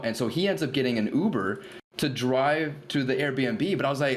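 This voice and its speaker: A man's voice: mid-range voice, fast talker. A young man on a podcast, telling a long story in casual chat and rambling with lots of "like" fillers. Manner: rambling, heavy filler "like", animated retelling. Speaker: podcast regular.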